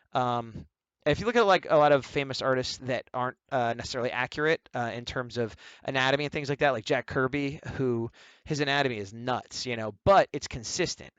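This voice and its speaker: A man's voice: mid-range voice, a bit bright, no echo. A man casually talking while he sketches, rambling and joking at his own expense as he explains drawing tips. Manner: rambling, jokey, self-mocking asides. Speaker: artist teaching drawing.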